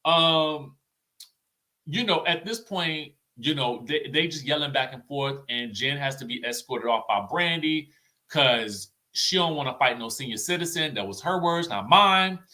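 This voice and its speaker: A chatty man giving a casual commentary recap of a reality show. His voice is bright, a little high, and swings lively up and down. He keeps checking in with the listener as he talks. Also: measured pace. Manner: chatty and animated, tags lines with "okay?" and "you know what I'm saying?".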